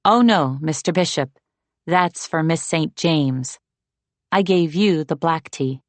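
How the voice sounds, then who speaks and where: A woman voicing a genial male watchman who speaks in a slow, easy, relaxed Californian way. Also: sits low, dry recording.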